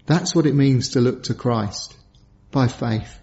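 A man preaching a sermon in an earnest, pleading way, dropping low and soft for emphasis. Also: a little slow, slight background noise. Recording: dull lo-fi sound.

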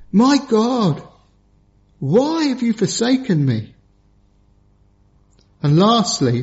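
Male preacher, high voice, pleading and earnest, muffled lo-fi sound. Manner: earnest, pleading, drops low and soft for emphasis. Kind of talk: sermon. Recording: dull lo-fi sound.

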